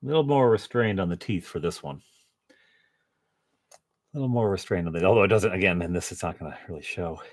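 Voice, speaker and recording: A man's voice: low-pitched, fairly quick, long pauses, a little mellow. A man chatting casually to his viewers while painting at home, joking about himself and chuckling often. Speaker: painting vlogger.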